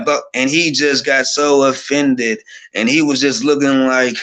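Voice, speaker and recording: A man tells a spiritual testimony in an everyday mid-pitched voice. He sounds fervent and overwhelmed, and he keeps stumbling and restarting his words. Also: steady tone, normal speed, a bit bright. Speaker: guest. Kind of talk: emotional personal testimony.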